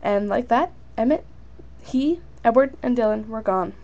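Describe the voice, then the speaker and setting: A young woman with a fairly high voice reads her own story aloud in a loose, unrehearsed way, stumbling now and then and filling pauses with "um". A faint hiss of home noise sits under her voice. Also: muffled recording. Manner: casual, unpolished reading with fillers and slips. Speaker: fan fiction reader.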